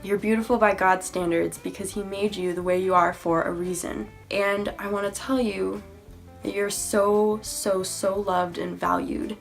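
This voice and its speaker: A woman's voice: medium pitch, creaky, a bit bright. A young woman talking sincerely to her viewers about faith and insecurity, in a casual way with many fillers. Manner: sincere, uses many fillers like "you know" and "like". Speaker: faith vlogger. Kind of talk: earnest encouraging talk to camera.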